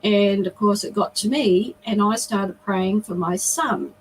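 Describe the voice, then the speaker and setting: A woman's voice: medium pitch, a little slow, slight background noise, poor audio. A middle-aged woman, a guest on a video call, earnestly telling a personal story with emotion and frequent restarts.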